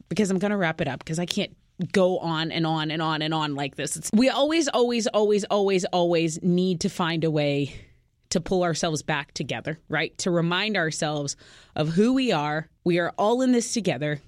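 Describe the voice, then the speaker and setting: A woman's voice: lowish voice, moderate pace, dry recording, clean studio sound. A woman with a Texan accent, a radio host venting casually, frank and profane, often repeating herself.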